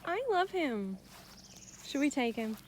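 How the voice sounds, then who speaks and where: A woman's voice: high-pitched, big pitch swings, takes it slowly, slight background noise. A woman rescuing stray dogs outdoors, coaxing them in a sing-song baby-talk voice. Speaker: animal rescuer.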